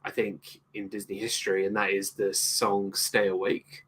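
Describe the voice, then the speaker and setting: A man's voice: fairly low pitch, flat delivery, normal speed, fairly bright tone, husky. A British man co-hosting a casual movie review, speaking thoughtfully and rambling with many restarts. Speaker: co-host, film reviewer.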